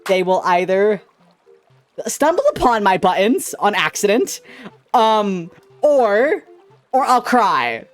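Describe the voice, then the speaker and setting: A man's voice: high voice, big pitch swings, slow pace, pauses often, faint music behind. A young man streaming as a VTuber, chatting casually in a giggly, rambling, playful and self-teasing way. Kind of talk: casual livestream chat.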